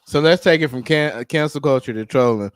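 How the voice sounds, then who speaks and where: A man co-hosting a podcast, talking in a slangy, animated, casual way. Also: mid-range voice, fairly quick. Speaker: podcast co-host. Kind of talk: casual chat.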